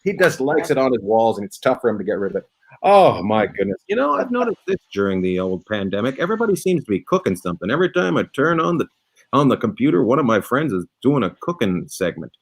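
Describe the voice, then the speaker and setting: A man's voice: medium pitch, sing-song, fast, slightly rough. A man hosting a comedy panel game, teasing his guests with mock outrage. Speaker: host. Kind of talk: playful game-show banter.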